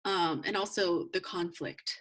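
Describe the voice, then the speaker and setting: A woman's voice: on the low side, fairly even intonation, unhurried, a bit bright. A young woman co-hosting a podcast, chatting casually about a movie with sarcastic, jokey asides. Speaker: podcast co-host. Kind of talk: casual chat recapping a movie.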